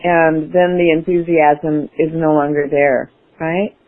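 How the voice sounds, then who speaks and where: A woman's voice: sits low, fairly even intonation, slow. A woman guest in an interview, telling a personal story with enthusiasm, laughing and acting out her past self. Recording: phone-like radio broadcast.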